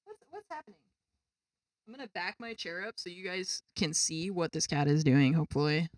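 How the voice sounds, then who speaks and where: A woman's voice: on the low side, moderate pace, darkish tone, no echo, clean studio sound. A woman streamer chatting casually to her viewers at her gaming desk at home, exasperated and swearing freely. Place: home gaming setup with a cat.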